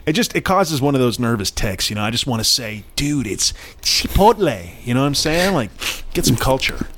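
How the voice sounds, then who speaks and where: A man's voice: medium pitch, lively intonation, fast, fairly bright tone, a little hiss or hum. Rambling man co-hosting a podcast. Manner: rambling, self-deprecating, joking. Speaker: podcast co-host. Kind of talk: casual chat.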